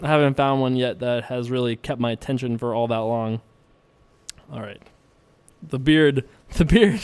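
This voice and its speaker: A playful young man talks through his poker hands in a relaxed, chatty way. He laughs a lot between thoughts. His voice sits a bit high and sounds smooth and clean. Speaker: poker video host. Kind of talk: casual poker commentary.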